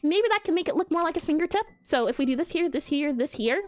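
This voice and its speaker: High, lively woman streamer chatting while drawing. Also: fast talker. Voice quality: nerdy, nasal-leaning voice. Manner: chatty, thinking aloud, giggly. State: scratchy throat. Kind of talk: casual live-stream chat while drawing.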